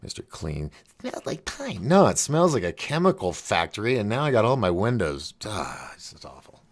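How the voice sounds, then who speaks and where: A man's voice: fairly low pitch, very animated, normal speed. A man hosting a call-in show in a casual, rambling monologue, giggling often at his own jokes. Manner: rambling, restarts and trails off.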